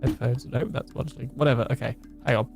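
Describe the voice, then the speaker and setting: A man's voice: medium pitch, steady tone, a little fast, creaky, faint music behind. A man chatting casually on a livestream while fixing things and reading chat. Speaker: streamer.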